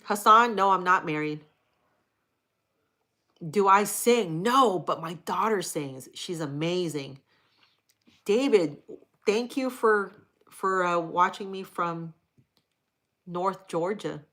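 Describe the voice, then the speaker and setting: A woman's voice: fairly low pitch, slow pace, pauses often, pushed and bright. A middle-aged woman hosting a casual livestream, chatting frankly and with profanity while reading viewer comments aloud. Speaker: livestream host.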